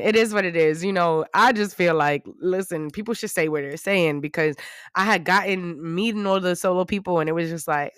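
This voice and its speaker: A young woman with a New York accent, hosting a casual podcast and telling stories in a sassy, animated way with plenty of swearing. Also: on the low side, clear, resonant tone, no echo, clean studio sound. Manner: animated, sassy, swears freely, jumps into loud mocking voices. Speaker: podcast host. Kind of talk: casual storytelling chat.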